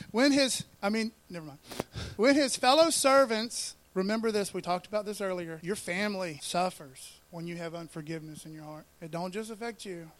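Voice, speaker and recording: A man with a high-pitched voice preaches in a relaxed, conversational way. He peppers the scripture reading with slang, jokes and asides to the people in front of him. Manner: animated, joking asides, slangy. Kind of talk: casual conversational sermon.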